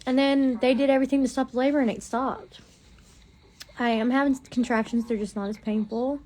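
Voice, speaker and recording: A woman's voice: high-pitched, steady tone, a little fast, a little mellow. A young woman, talking casually and candidly to her stream viewers, full of fillers and restarts, sounding tired while pregnant and in hospital.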